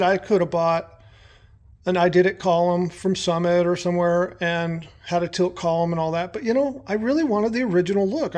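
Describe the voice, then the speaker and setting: A man casually talking to camera about his truck build in a garage workshop, relaxed and chatty. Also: sits high.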